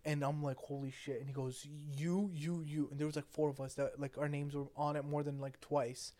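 A man's voice: on the high side, completely flat delivery, brisk, warm tone. A young man co-hosting a podcast, telling rambling, profane stories full of quoted voices in a casual chat. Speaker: podcast co-host.

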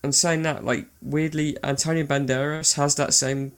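A man's voice: on the high side, little pitch movement, moderate pace, clean tone. A man chatting casually about films in an earnest, heartfelt way, with some swearing. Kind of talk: casual film chat.

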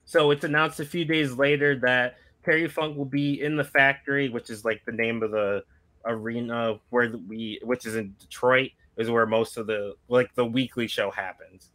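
A man's voice: mid-range voice, steady tone, moderate pace, fairly bright tone. A man hosting a casual podcast, rambling through a wrestling recap with many fillers. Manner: rambling, full of "like" and "um".

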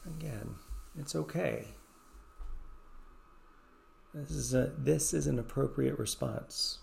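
A man leading a guided meditation, giving slow, gentle, soothing instructions. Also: medium pitch, creaky.

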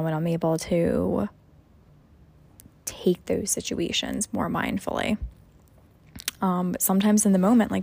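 A young mother talks on her solo podcast in a loose, rambling monologue, circling back with plenty of fillers as she reflects. Her mid-pitched voice has a gravelly fry at the edges of phrases, and the recording is close and dry with no room sound. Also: dark tone, no room sound. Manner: rambling, reflective, many "you know" fillers.

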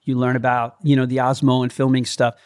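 A man's voice: medium pitch, completely flat delivery, a little fast, darkish tone, clear, resonant tone. A middle-aged man hosting a casual interview, enthusiastic and loose, with lots of fillers and the odd swear. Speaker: podcast host.

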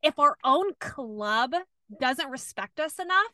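A woman's voice: high-pitched, animated, takes it slowly, sharp tone, no room sound, studio quality. A young adult woman co-hosting a podcast in casual chat, reacting indignantly and swearing freely. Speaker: podcast co-host.

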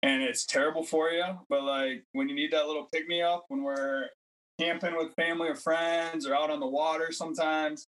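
A man's voice: fairly high pitch, steady tone, moderate pace, a bit bright, low-quality recording. A man in his thirties chatting casually as a podcast guest, rambling through stories and acting out quotes in a raised voice. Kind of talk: casual chat.

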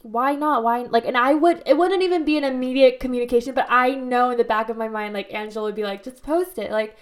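Young female co-host, a bit high-pitched, relaxed and reflective, supportive tone. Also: quick pace. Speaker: podcast co-host. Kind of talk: casual chat.

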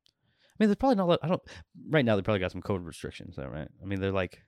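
A man's voice: sits low, huge pitch swings, racing, a little mellow, clear, resonant tone, no echo, studio quality. A man hosting a podcast, chatting casually in a rambling, jokey way with lots of fillers. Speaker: podcast host. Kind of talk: casual chat.

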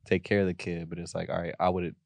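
A young man co-hosting a podcast in casual chat, slangy and joking, quick to laugh while he rambles. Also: sits low, level tone, creaky, a little mellow, no room sound. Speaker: podcast co-host.

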